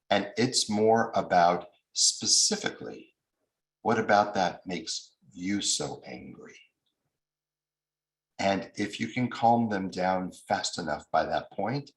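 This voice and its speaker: A man's voice: low-pitched, slow, fairly bright tone, roomy sound, low-quality recording. An American man giving a recorded lecture as a mediation trainer, explaining with examples and acting out angry voices he quotes.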